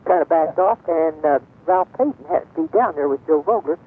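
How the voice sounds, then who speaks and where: An older woman, a guest on a radio show, telling a rambling story with many pauses and fillers. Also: low-pitched, slightly rough. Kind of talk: reminiscing on a call-in radio show. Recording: tinny phone-line sound.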